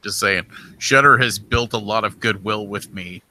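Lowish bright-toned guy on a podcast, blunt, swears a lot. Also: moderate pace, low-quality recording. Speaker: podcast co-host. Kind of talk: casual chat.

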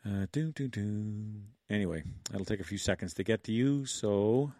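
A man's voice: fairly low pitch, moderate pace, dark tone, no echo, studio quality. Rambling older man on a livestream. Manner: rambling, chuckling, thinks aloud. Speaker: livestream host. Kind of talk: casual livestream chat.

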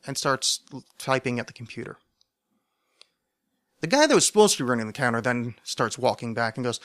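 A man's voice: mid-range voice, normal speed, long pauses, no room sound. Sardonic man telling a comic story, dry sound. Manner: sardonic, self-mocking; swings between mumbled asides and loud animated bursts. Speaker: podcast host. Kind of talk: comedic storytelling monologue.

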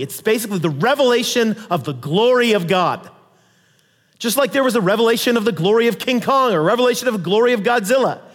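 A man preaching a sermon in an animated, conversational way with dramatic Bible readings. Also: high-pitched, long reverb tail.

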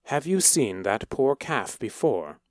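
A man voicing a cold, menacing priest in a storybook reading, speaking slowly and quietly. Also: medium pitch, sing-song, no room sound, studio quality. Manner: slow, quiet and deliberate. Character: cold menacing male priest, middle-aged.

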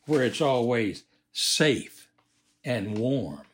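Brief: earnest male questioner, lower and slower, played by the narrator. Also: very animated. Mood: questioning. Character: curious male questioner, asking God.

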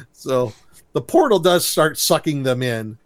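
A man chatting casually on a podcast, retelling a cartoon episode with laughs and silly quoted voices. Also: fairly high pitch. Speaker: podcast co-host recapping a cartoon. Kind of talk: casual chat.

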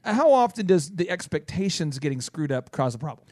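Male radio host, high voice, playful, dry booth sound. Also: sing-song, darkish tone, no echo. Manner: playful, jokey asides, quick questions. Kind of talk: casual radio chat.

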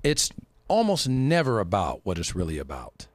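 A man talks in an emphatic, preachy way, hammering his points through repetition. His pitch swings widely as he speaks. The sound is dry and close, with no room echo. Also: huge pitch swings, normal speed. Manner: emphatic, preachy, repeats phrases. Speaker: podcast host. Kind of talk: casual studio chat. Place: studio.

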